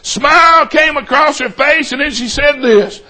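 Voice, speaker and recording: Preacher, middle-aged man; very high, sharp-toned voice, animated storytelling with loud peaks and soft drops. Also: measured pace. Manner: animated, shouting for emphasis then dropping to a hush. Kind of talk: storytelling sermon.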